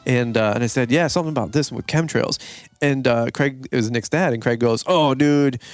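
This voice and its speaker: Dude rattling off a story quick, rambling and animated, dry close sound, mid voice. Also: male voice, no echo. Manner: rambling, animated, imitates others in higher voice. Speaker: podcast host. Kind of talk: casual storytelling chat.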